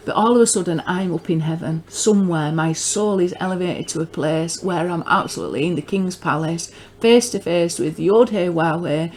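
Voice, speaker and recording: A northern English woman with a fairly low voice gives a loose, unscripted religious teaching. She rambles and circles back, stumbling over words and repeating herself as her enthusiasm builds. A faint hiss sits under her voice. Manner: earnest, grows excited. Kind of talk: informal spoken teaching.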